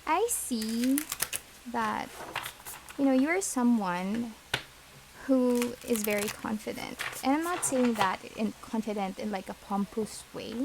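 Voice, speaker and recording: A woman giving a gentle, reassuring pick-a-card tarot reading, talking to her viewers with many fillers. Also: fairly high pitch, slow, background noise. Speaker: tarot reader.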